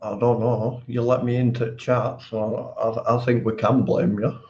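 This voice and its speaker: A man co-hosting a livestream, chatting casually with a slow, wry sense of humour. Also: medium pitch, little pitch movement, darkish tone, lo-fi sound. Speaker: livestream co-host. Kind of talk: casual chat.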